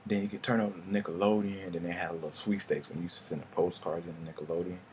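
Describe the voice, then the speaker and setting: Deep-voiced laid-back young man. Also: flat delivery, fast, darkish tone, slight background noise. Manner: laid-back, rambling, swears freely. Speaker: vlogger. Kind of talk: casual storytelling monologue.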